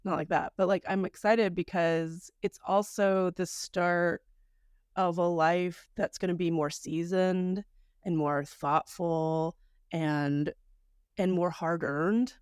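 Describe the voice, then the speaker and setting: A woman's voice: fairly low pitch, fairly even intonation, takes it slowly, darkish tone, smooth, dry recording, studio quality. A woman co-hosting a podcast in casual chat, reflective and chatty, laughing often. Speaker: podcast co-host.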